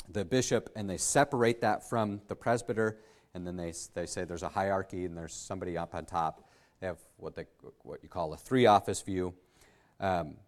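Male pastor, mid-pitched voice, earnest teaching sermon, halting with fillers, pushes to emphatic peaks. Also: a little mellow. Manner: halting with frequent fillers and restarts.

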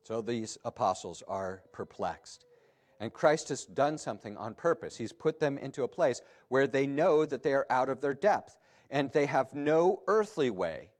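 Animated male pastor preaching a sermon. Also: medium pitch. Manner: animated preaching with emphatic rises and drops.

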